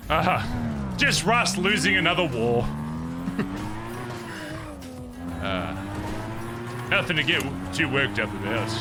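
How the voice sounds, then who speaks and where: A man livestreaming a roleplay game, chatting casually and ranting loudly with lots of swearing. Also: on the high side, expressive, unhurried, loud music behind the voice. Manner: loud, profane, ranting. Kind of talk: casual streaming chat and ranting.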